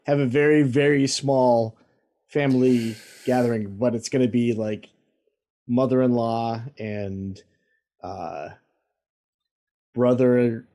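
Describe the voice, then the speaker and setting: A man's voice: medium pitch, fairly even intonation, takes it slowly, pauses often, mellow. A man co-hosting a casual podcast, making dry, wry jokes. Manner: dry, wry one-liners. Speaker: podcast co-host. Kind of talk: casual chat.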